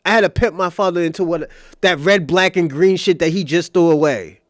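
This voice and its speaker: A man's voice: high-pitched, brisk, no echo, studio quality. A man hosting a casual livestream commentary, talking in an emphatic, profane, argumentative way that repeats itself. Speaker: host of a commentary channel.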